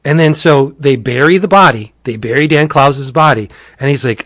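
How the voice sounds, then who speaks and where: A man in casual talk, animatedly recounting a comic with plenty of profanity and excitement. His voice sits in a middle pitch. The sound is dry and close, with no room echo. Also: normal speed. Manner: animated, enthusiastic, profane storyteller. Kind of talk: casual chat, retelling a comic.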